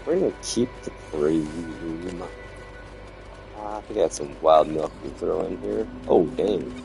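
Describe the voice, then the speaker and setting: A man with a lowish voice talks through his gameplay in a loose, rambling stream-chat manner. He grumbles about little design quirks and chats to viewers as he goes. Soft game music runs quietly underneath. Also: a little slow, creaky, rough recording. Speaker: gaming streamer. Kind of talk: casual gameplay commentary.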